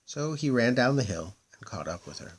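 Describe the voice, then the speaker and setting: A man reading a children's story aloud in a gentle, expressive way. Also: medium pitch, normal speed, husky. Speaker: narrator.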